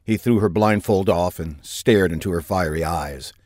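A man narrating a science-fiction audiobook in a measured, steady storytelling manner that builds during action scenes. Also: deep voice, dry recording, studio quality. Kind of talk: scripted narration.

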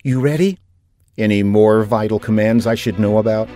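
A man voicing a tough, bossy adult rebel woman in an audiobook, brisk and commanding. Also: lowish voice, mellow, soft background music, close to an everyday voice. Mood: wry, teasing.

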